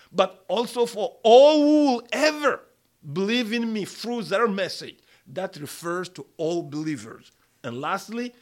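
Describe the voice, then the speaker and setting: A middle-aged man delivers a sermon slowly and deliberately, repeating key words for emphasis and calling his listeners brother and sister. His voice sits high with a fairly bright tone.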